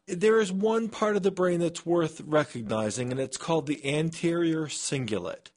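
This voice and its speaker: A man's voice: a little high, normal speed, darkish tone. A man, a scientist, being interviewed on public radio from a remote studio, talking with hesitant restarts.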